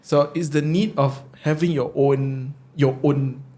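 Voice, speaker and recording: A man's voice: mid-range voice, steady tone, slow, mellow. A man with a Malaysian English accent talking candidly in a casual podcast chat, switching freely between English and Malay. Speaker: podcast co-host.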